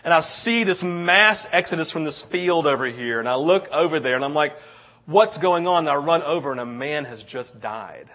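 A man's voice: on the high side, animated, fairly quick, few pauses. A middle-aged man preaching a sermon, telling a story with lots of "right?" tag questions. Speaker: pastor. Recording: dull lo-fi sound.

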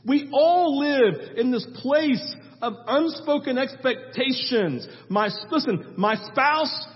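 A man's voice: very high-pitched, lively intonation, slow. A male pastor preaching a conversational sermon, telling stories with frequent asides to the congregation. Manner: storytelling, conversational with audience asides. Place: church sanctuary. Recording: muffled sound with long church reverb.

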